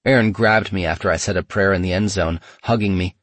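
Male memoir narrator, measured and steady, dry close read. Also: sits low, dry recording.

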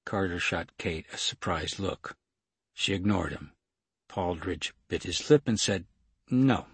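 Guy narrating an audiobook, steady, husky raspy voice, super dry close mic. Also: deep voice, unhurried, no echo.

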